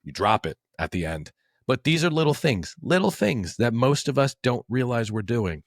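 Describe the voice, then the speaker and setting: A man's voice: fairly low pitch, sing-song, normal speed, dry recording, clean studio sound. A man in his forties, a men's coach, talking in a podcast conversation with an emphatic coaching delivery.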